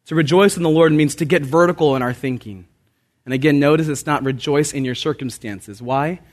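Man, pastor, earnest emphatic sermon, fairly high-pitched voice. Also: brisk. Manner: earnest, emphatic preaching with repeated phrases.

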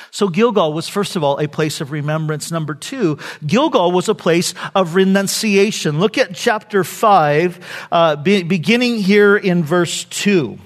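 Older guy preaching, pretty high voice, tells stories, goes quiet then booms back. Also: animated, measured pace. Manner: storytelling, swings from loud preaching to soft near-whispers. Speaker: pastor. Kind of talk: sermon.

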